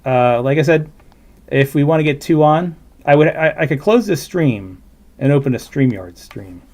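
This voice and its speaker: A man's voice: on the high side, animated, moderate pace, darkish tone. Chatty man rambling on a livestream. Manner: rambling, chatty, with fillers and asides. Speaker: livestream host reacting to a video. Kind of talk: casual livestream commentary.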